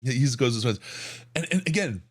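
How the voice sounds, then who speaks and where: A man co-hosting a sports podcast who tells an excited story in a hoarse voice, often repeating words. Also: mid-range voice, fast. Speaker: podcast co-host.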